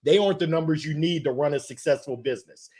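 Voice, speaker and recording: A middle-aged man telling stories as an interview guest, lively and acting out the voices of people in his anecdotes. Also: fairly high pitch, quick pace, breathy edge. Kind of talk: animated storytelling.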